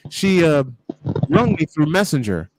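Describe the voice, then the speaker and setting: Man, casual podcast chat, storytelling, lively pitch swings, dry sound. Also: unhurried, no echo. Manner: animated storyteller who acts out quotes. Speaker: podcast panelist.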